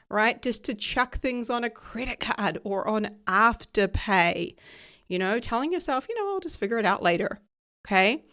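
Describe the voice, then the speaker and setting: A woman hosting her own podcast as a coach. Her voice is raspy and nasal because she is still recovering from losing it, and she talks in a chatty, upbeat way, tagging sentences with "right?" and "okay?". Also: medium pitch, a bit bright. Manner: chatty and upbeat, laughs often, uses "right?" and "okay?" as tags. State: recovering from lost voice. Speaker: podcast host and ADHD coach. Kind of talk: casual solo podcast talk.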